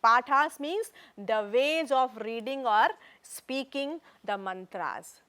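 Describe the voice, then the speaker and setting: A woman's voice: fairly high pitch, takes it slowly, fairly bright tone. A woman with an Indian English accent giving a classroom lecture, explaining step by step and counting out patterns. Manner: explanatory, counts out recitation patterns, switches into Hindi asides. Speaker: university lecturer.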